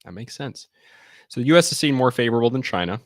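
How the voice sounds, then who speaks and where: A man's voice: medium pitch, expressive, fast, no room sound, clean studio sound. A man giving blunt, sarcastic, rambling commentary on survey charts during a casual live stream. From United States.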